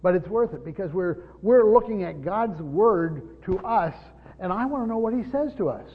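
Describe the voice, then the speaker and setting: A pastor teaching a congregation in a church, speaking emphatically and firing off rhetorical questions. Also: male voice, high-pitched, lively intonation, normal speed, husky. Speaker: pastor teaching Bible study. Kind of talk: teaching sermon. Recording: dull lo-fi recording with long hall reverb.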